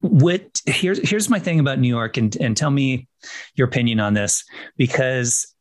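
A male actor hosting an interview podcast, asking questions in a chatty, animated way. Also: mid-range voice, normal speed.

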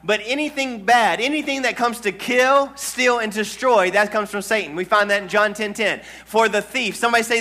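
A man's voice: high voice, normal speed, few pauses, pushed and bright. A male pastor preaching a sermon to a congregation in church, calling for amens and asking the room questions. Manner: call-and-response preaching to a congregation.

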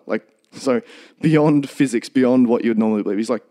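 A man's voice: medium pitch, fast, mellow. A man co-hosting a podcast, talking earnestly in a rambling, casual way with many restarts. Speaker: podcast co-host.

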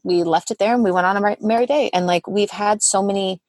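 A Southern California woman in her thirties, a therapist and mother appearing as a guest, tells a story in a casual interview. Her mid-range voice is a little mellow and fast, recorded with no echo. She's chatty, full of "like" fillers, and acts out quotes.

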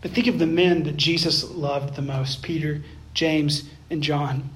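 A man with a notably high voice delivers a sermon with strong emphasis. He swings from raised, insistent passages to quiet, hushed ones and speaks to his listeners directly as "guys". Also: fairly even intonation, unhurried. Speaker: pastor.

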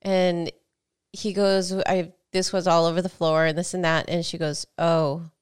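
A middle-aged woman chatting on a gaming podcast, with a smooth and clear voice that sits a little low. She tells stories by acting out both sides of a conversation. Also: level tone, a little slow. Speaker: podcast co-host. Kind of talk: casual chat.

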